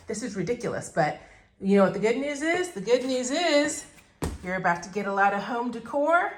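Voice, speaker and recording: A middle-aged woman chatting excitedly in a casual home makeover vlog, recorded indoors at her home. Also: medium pitch, roomy sound.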